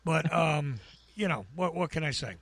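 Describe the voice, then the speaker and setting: An American man with a raspy, buzzing voice sits in on a podcast, pitched somewhat high for a man. He rambles and pokes fun at himself, stumbling over restarts. The sound is dry and close. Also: expressive, normal speed, fairly bright tone, dry recording. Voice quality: gravelly, buzzing voice. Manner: rambling, self-deprecating, with stammered restarts. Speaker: podcast guest. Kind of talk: casual chat.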